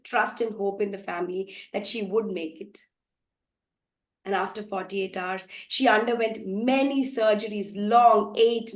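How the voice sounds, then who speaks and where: A woman telling a story at a live event, dramatic, with sudden loud outbursts and hushed passages. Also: mid-range voice. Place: festival storytelling venue. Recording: echoey room, live performance.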